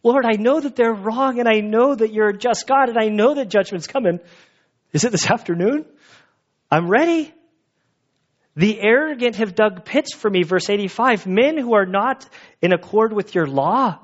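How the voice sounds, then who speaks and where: A man's voice: sits high, normal speed. Earnest man preaching a sermon. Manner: earnest, conversational, emphatic. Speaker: pastor. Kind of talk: expository sermon. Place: church sanctuary. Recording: dull lo-fi recording.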